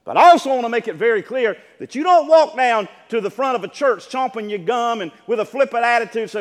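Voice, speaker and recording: A high-pitched male preacher delivering an emphatic sermon, his voice swooping up and down as he builds toward near shouts. His words ring out with a long reverb through the church sanctuary. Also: sing-song, moderate pace, few pauses. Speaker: pastor.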